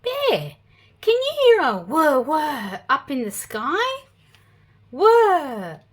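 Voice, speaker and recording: A children's storyteller with an Australian accent reads picture books slowly in a high voice. She keeps it animated, gasping and throwing in playful sound effects for the kids.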